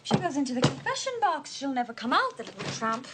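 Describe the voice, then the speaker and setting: A scolding young Irishwoman with an Irish accent. Her high voice leaps about with lively scorn. Every line lands sharp-tongued. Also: quick pace, noisy background. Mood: scornful. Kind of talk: film drama acting.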